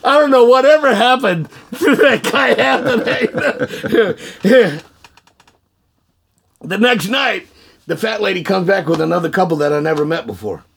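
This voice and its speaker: A man telling his testimony in an animated, folksy way, often laughing and repeating words. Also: high-pitched, unhurried, creaky, slight background noise. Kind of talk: animated storytelling.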